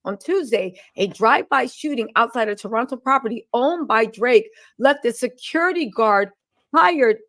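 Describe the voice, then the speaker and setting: A woman's voice: fairly high pitch, animated, moderate pace, fairly bright tone. A woman co-hosting a live show, reading news items aloud and adding sarcastic, wry asides.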